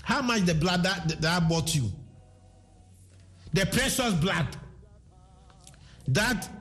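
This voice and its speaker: A man's voice: high-pitched, lively intonation, slow, a bit bright, faint music behind. A man with a Ghanaian accent preaching a sermon, switching between English and Twi, repeating his words and sometimes singing his phrases.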